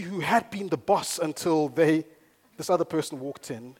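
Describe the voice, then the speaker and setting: A man's voice: on the high side, expressive, brisk, husky. Man preaching with rising fervour. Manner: storytelling that builds to loud, emphatic preaching. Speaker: pastor. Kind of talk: sermon.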